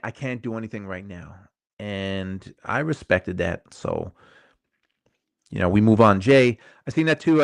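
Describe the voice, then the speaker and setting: A man's voice: on the low side, dry recording, studio quality. A middle-aged man hosting a casual live stream, chatting loosely, reading viewer comments aloud and often repeating his phrases. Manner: rambling, conversational, repeats phrases. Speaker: show host.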